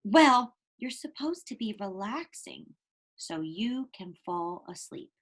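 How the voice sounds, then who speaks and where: A patient father calmly scolds at bedtime, as a woman reads him aloud. His voice sits a little lower than the narrator's yet stays bright. He sounds gentle and measured in a storybook way. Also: exaggerated voice. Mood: gently scolding.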